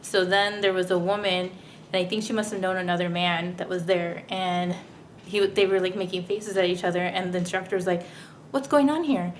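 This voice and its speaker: A woman's voice: lowish voice, flat delivery, fairly quick, a little hiss or hum. A young woman producer joining a podcast in casual chat, telling a story with some indignation.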